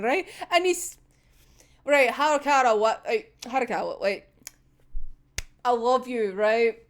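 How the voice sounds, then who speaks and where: A woman's voice: on the high side, takes it slowly. A young woman reacting to a manga chapter in casual chat, swearing freely and laughing often. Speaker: manga reviewer.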